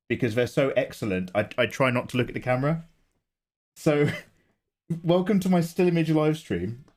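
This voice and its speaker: A man from England hosting a casual live art stream, greeting viewers and joking around with a sleepy, low-energy manner. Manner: chatty, greets viewers, self-deprecating jokes. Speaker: livestream host, illustrator. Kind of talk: casual livestream chat.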